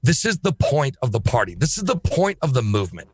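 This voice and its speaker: A man speaking as a guest on a podcast, talking in an emphatic, excitable way and swearing freely. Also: medium pitch, a little fast, breathy edge, no echo. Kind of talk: casual podcast chat.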